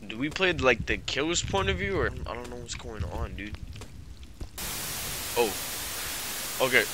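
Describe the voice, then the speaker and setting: A man's voice: medium pitch, pushed and bright, a little hiss or hum. A young man giving casual, slangy play-by-play commentary on a horror game, often bemused and saying "bro". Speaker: gaming YouTuber. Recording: game music playing behind.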